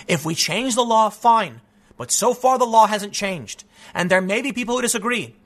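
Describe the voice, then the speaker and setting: High, bright-voiced man ranting commentary. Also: expressive, moderate pace. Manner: emphatic, argumentative, repeats "man", frequent restarts. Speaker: political commentator. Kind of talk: opinion commentary reacting to news.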